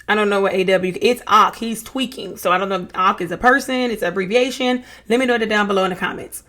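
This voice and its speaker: A woman's voice: medium pitch, fast, hardly any pauses, pushed and bright. A young woman giving casual reaction commentary, reading text messages aloud and adding sassy asides, often calling people baby and honey. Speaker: true-crime reaction vlogger.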